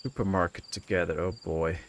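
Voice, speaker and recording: A man's voice: sits low, a little fast, slight background noise. Dutch man chatting through a game stream. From Netherlands. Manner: relaxed, musing, thinking aloud with many fillers. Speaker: gaming streamer. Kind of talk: casual live-stream commentary while chatting with viewers.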